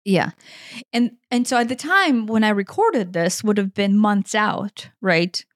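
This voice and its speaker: A woman's voice: medium pitch, unhurried, no echo, clean studio sound. A woman in her forties co-hosting a podcast, talking in an earnest, emotional way and swearing freely. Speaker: podcast co-host. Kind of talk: casual conversation.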